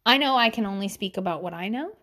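A woman's voice: medium pitch, fast. A woman in her thirties giving blunt, profane parenting advice in a casual monologue, acting out the other voices she quotes. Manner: blunt, profane, animated quoting.

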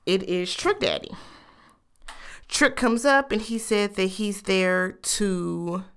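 A woman chats casually through a reality show recap. Her voice is smooth and clear, her delivery animated with laughing, incredulous asides. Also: mid-range voice. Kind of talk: casual chat.

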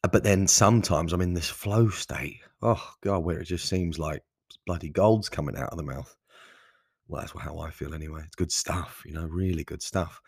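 Male podcast host, deep voice, rambling and self-mocking, dry close-mic sound. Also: normal speed, gravelly, husky, no room sound. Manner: rambling, self-deprecating, sprinkled with mild swearing. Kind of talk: casual solo podcast monologue.

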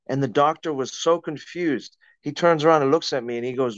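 A man's voice: medium pitch, fairly quick, hardly any pauses, smooth, no room sound, dull audio. A man, a podcast guest, telling a personal story in conversation with vivid, dramatic retelling and acted-out quotes.

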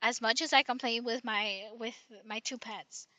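A woman's voice: a little high, steady tone, normal speed, pushed and bright, no room sound. A woman in casual chat, telling a long rambling story full of restarts and tag questions.

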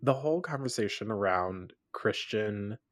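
A man hosting a podcast, chatting casually about a film, animated and laughing as he acts out his reactions. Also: lowish voice, moderate pace, no echo, studio quality. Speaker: podcast host.

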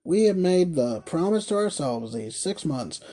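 A man's voice: fairly high pitch, very animated, unhurried, mellow. A man voicing a plain, honest carrier who speaks earnestly and firmly in a storybook reading. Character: plain honest working-class male carrier, steady.

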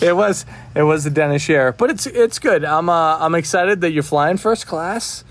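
A man with a slightly high voice chats loosely on a recovery podcast. He jokes and teases his friends, laughs often, and then turns to his own story of staying sober on trips. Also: normal speed. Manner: joking, animated, laughs often. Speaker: podcast co-host. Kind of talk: casual recovery podcast chat.

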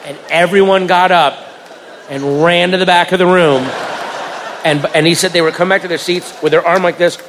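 A man doing stand-up, telling a story in an animated way, acting out voices and shouting punchlines. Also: sits high, moderate pace. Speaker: stand-up comedian. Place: comedy venue before a live audience. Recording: live room with long reverb and crowd. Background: audience laughter and crowd noise.

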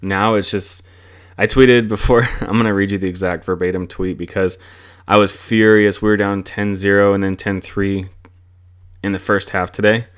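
A man's voice: fairly low pitch, level tone, moderate pace, clear, resonant tone. A young man hosting a sports podcast, ranting casually and profanely about his team's losses. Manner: frustrated, profane, rambling.

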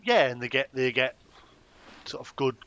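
A man's voice: mid-range voice, moderate pace, bright, forceful tone, dry recording, lo-fi sound. A man co-hosting a film podcast in casual chat, rambling and joking with many restarts. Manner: rambling, self-interrupting, joking. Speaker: podcast co-host.

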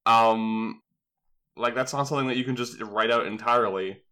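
A man's voice: mid-range voice, normal speed, sharp tone. A man co-hosting a podcast, chatting casually in a rambling, wry way with many fillers. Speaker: podcast co-host. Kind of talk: casual chat.

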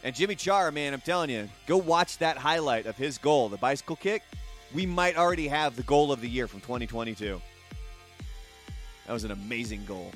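A man's voice: fairly high pitch, fairly bright tone. A man hosting a casual news commentary show, chatty and opinionated. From United States. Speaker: host.

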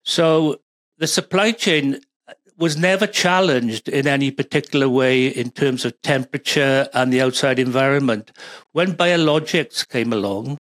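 A man with a Welsh accent talks through his field as an interview guest. His voice sits at an ordinary middle pitch. It is recorded dry and close, and his speech is full of fillers and false starts. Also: a little slow, fairly bright tone, no room sound. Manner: rambling, with many fillers and restarts. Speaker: guest, pharma supply chain expert. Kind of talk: conversational interview.

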